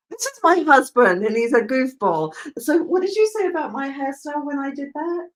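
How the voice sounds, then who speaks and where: Lively woman teaching hairdressing. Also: high-pitched, moderate pace, few pauses. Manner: lively, laughs often, emphatic. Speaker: hairdressing educator. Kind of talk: live online class.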